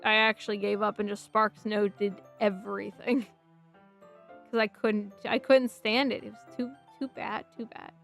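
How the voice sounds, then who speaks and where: A woman's voice: medium pitch, level tone, unhurried, creaky, faint music behind. A young American woman streaming a game, chatting in a rambling way, answering chat messages aloud and laughing often. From United States.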